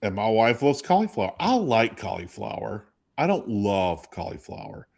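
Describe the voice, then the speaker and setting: A man tells stories in a loose, chatty way, with a pitch that climbs and dips a lot. He acts out the voices of the people he quotes and keeps the talk casual, like a radio co-host. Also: normal speed. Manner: animated storyteller acting out quotes. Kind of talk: casual storytelling chat.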